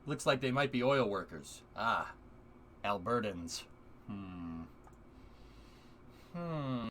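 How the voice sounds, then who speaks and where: A man's voice: lowish voice, lively intonation, takes it slowly, a bit bright, a little hiss or hum. A man streaming live, chatting casually and joking with his viewers. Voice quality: joking, puts on silly voices in bursts.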